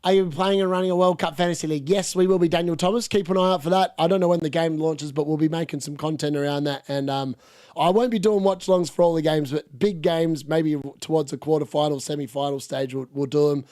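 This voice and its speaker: A man with an Australian-tinged English accent talks through a live football watch-along, chatty and blunt with casual swearing. His voice sits a little high for a man. The sound is dry and close. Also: steady tone, fast talker, darkish tone, no echo. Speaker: fantasy football streamer.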